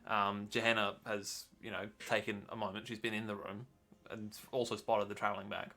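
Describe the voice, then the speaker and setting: A man narrates a tabletop game as its game master, his voice a touch low but bright and forward. He hedges often, filling gaps with ums and "sort of" as he describes the scene. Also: level tone, fairly quick, creaky. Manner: hesitant, lots of ums and "sort of".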